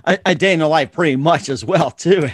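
A man's voice: a little high, a little fast, slightly rough, dry recording. A male show host who asks long, rambling questions full of fillers in a casual interview.

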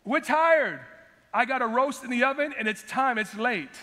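A man's voice: very high voice, moderate pace, pushed and bright, pitched above the performer's own voice. A man voicing a tired disciple who complains and wants to go home to eat. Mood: complaining. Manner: complaining, impatient. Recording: long hall reverb.

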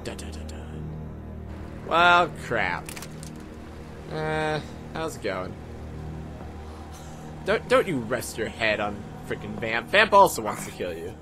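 A man's voice: medium pitch, very animated, slow, long pauses. A young man commenting on a video game as he plays, sarcastic and joking, with sudden exclamations. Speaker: let's play host. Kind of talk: gameplay commentary. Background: loud game music.

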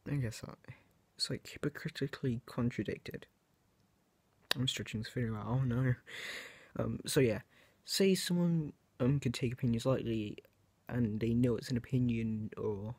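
A man's voice: medium pitch, unhurried, darkish tone, slightly rough, dry recording. A teenage man talking to camera in a rambling, hesitant monologue, correcting himself often and filling gaps with "um" and "like". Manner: rambling, hesitant, self-correcting, with frequent fillers. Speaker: video creator.

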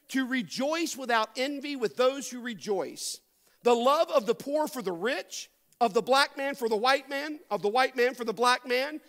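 High-voiced American preacher with sudden hushed drops. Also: male voice. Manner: preaching with rising emphasis and dramatic drops to a hush. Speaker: pastor. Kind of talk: sermon. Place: church sanctuary.

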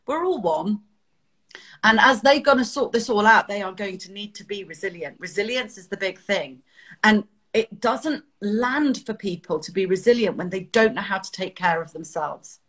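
A woman from Britain, a children's author, talking earnestly and expressively in a casual interview and acting out bits of dialogue. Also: mid-range voice. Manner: earnest, expressive, acts out quotes.

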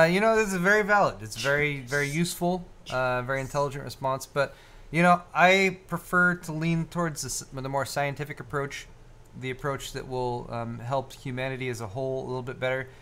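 A man's voice: mid-range voice, sharp tone, slight background noise. A man co-hosting a live tech stream, chatting casually and rambling, with lots of fillers and restarts. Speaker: co-host of a live tech show.

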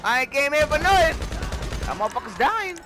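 A man giving loud, animated, slang-filled commentary while playing a video game, swearing often. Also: extremely high pitch, fairly quick, music in the background. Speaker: gaming YouTuber. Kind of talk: casual gameplay commentary.

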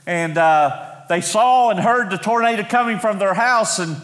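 Middle-aged male pastor, higher voice, storytelling sermon, long reverb in a church hall. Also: a bit bright. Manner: storytelling, slows for emphasis. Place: church sanctuary.

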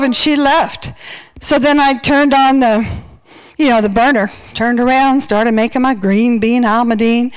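A woman who is a wedding speaker and church singer gives a humorous, storytelling wedding toast in a church, slightly out of breath and using playful quoted voices. Her voice is high with a clean tone, though the recording is low quality.

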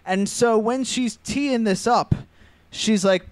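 A man's voice: high-pitched, takes it slowly, no room sound. A man co-hosting a movie podcast, sarcastically acting out scenes in mocking voices. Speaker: podcast co-host. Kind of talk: casual movie review chat.

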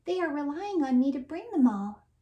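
A woman's voice: sits high, sing-song, moderate pace, distant mic, lo-fi sound, pitched above the performer's own voice. Woman doing an anxious little ant. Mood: anxious, tearful. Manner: worried, tearful voice.

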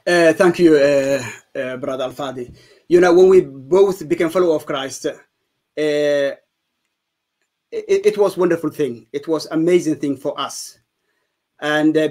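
A man's voice: on the high side, darkish tone. A man, giving an earnest, emphatic personal testimony as an interview guest. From Somalia.

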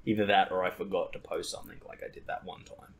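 A man's voice: sits low, little pitch movement, fast. A young man hosting a podcast in casual chat, rambling and laughing at his own stories. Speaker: podcast host.

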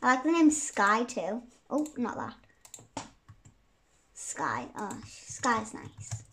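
A young girl chatting through her gameplay, giggly and quick to say sorry. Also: fairly high pitch, very animated, a bit bright, slight background noise. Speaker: gaming YouTuber. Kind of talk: casual gameplay commentary.

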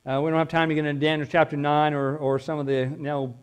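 A man's voice: on the high side, level tone, quick pace, clean tone. A male pastor preaching a sermon in a conversational, emphatic way, throwing out rhetorical questions.

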